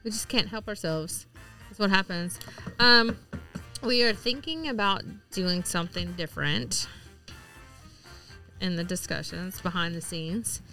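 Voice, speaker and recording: A woman's voice: lowish voice, measured pace, pushed and bright, soft background music. A woman co-hosting a podcast in casual, chatty talk, swearing freely and laughing often. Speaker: podcast co-host. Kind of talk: casual chat.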